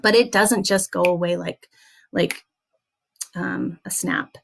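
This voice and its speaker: A young woman leading a class, talking earnestly and gently with many soft hesitations. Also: lowish voice, slow pace, vocal fry, slight background noise. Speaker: essential oils class leader. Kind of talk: heartfelt motivational class talk.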